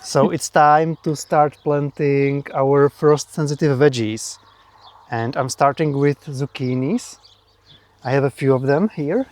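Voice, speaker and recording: A man co-hosting a homesteading vlog, chatting casually outdoors in a garden with dry, deadpan humor. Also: fairly high pitch, a little slow. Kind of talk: casual chat.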